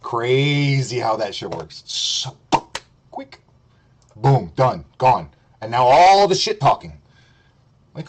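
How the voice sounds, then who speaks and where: Male streamer host, mid-pitched, foul-mouthed and scornful, ranting commentary. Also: sing-song, slow, pauses often, husky. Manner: profane, mocking, blunt.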